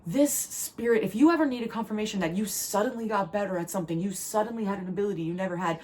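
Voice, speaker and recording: A woman's voice: medium pitch, darkish tone. A woman from New Jersey, a tarot reader, giving a spiritual channeled message in an earnest, rambling, emotional way. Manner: earnest, rambling, emotional delivery in quick bursts.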